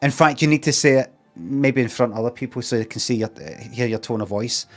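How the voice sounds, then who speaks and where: A middle-aged Glaswegian man talks in a loose, rambling deadpan on a livestream, his voice sitting at an ordinary middle pitch. Now and then he jumps into little acted-out exchanges. Soft music plays faintly underneath. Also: fast. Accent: Scottish, Glaswegian. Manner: rambling, deadpan, acts out mock dialogue in a raised voice. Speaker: streamer. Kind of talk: casual livestream chat with chat readers.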